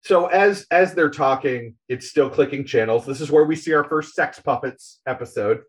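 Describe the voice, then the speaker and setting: A man's voice: fairly high pitch, moderate pace. A man casually recapping a graphic novel for a podcast, rambling with many fillers and acting out the characters' lines. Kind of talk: casual retelling with quoted voices. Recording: slightly dull, lo-fi audio.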